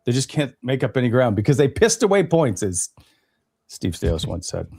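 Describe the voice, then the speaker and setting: Male host, even pitch, dry sound, runs the segment. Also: normal speed, slightly rough, dry recording. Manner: leads the segment, quizzes co-hosts with stats. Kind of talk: casual sports radio chat.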